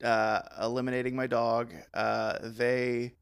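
A man's voice: mid-range voice, flat delivery, a little slow, creaky, clean tone. A man co-hosting a podcast, telling a long story in a rambling, self-mocking way with frequent laughs. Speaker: podcast co-host. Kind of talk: casual chat.

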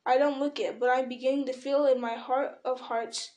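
A woman's voice: high voice, fairly even intonation, normal speed, muffled recording, lightly acted. A woman reading aloud and voicing an elderly male hobbit who is fussy, stubborn and possessive, in a fretful, defensive way. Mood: weary. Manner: fretful, turns sharp and defensive.

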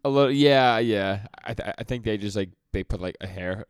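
A man's voice: lowish voice, a little fast, clean tone, dry recording, clean studio sound. A man co-hosting a podcast in casual chat, chiming in with short reactions and laughs. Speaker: podcast co-host.

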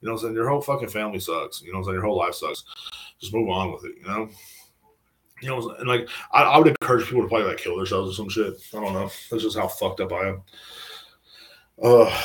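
A man's voice: fairly low pitch, fast, rough recording. An American man hosting a podcast alone, ranting in a loose, profane, rambling way and tagging lines with "you know what I'm saying.". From United States. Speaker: podcast host. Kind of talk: casual solo podcast monologue.

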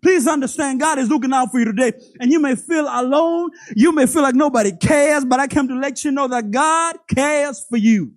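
Animated preacher mid-sermon, repeats words, calls out to the congregation. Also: high-pitched, moderate pace, few pauses, dry recording. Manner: animated, stammers and repeats words, laughs between lines; speaks directly to the congregation, acting out God's voice.

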